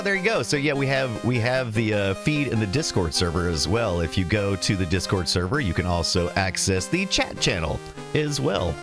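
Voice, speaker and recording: A man hosting a casual retro computer livestream, rambling and correcting himself as he reads the chat. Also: lowish voice. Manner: rambling, self-correcting, reads chat and game text aloud.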